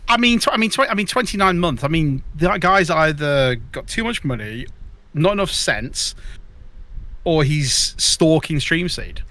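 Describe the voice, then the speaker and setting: A man's voice: a little high, expressive, pushed and bright. A man from England co-hosting a live podcast, teasing and rambling in casual banter. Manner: teasing, rambling, quick to jab. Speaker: co-host.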